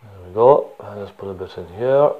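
A man's voice: lowish voice, moderate pace, narrow, tinny audio. A man with a Cork Irish accent teaching a painting lesson step by step, chatty and encouraging, often checking in with the viewer.

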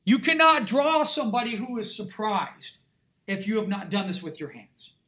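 A man's voice: high-pitched, sing-song, moderate pace, background noise. A middle-aged man, an art instructor, giving a classroom lecture in an emphatic, conversational way and checking in with his students often.

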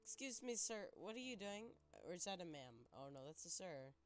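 A young woman giving excitable gameplay commentary, exclaiming and narrating her moves to viewers. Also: lowish voice, normal speed, soft background music. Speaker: gaming YouTuber.

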